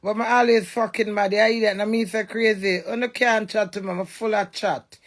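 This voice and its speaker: A woman's voice: mid-range voice, fairly even intonation, a little fast. A woman with a Jamaican accent in a brash, fiery, swearing rant. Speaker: social media personality. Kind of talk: ranting monologue.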